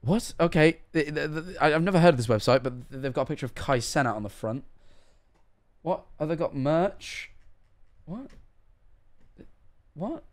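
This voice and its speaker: A young British man reacting on a live stream, excitable and quick to swear. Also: on the high side.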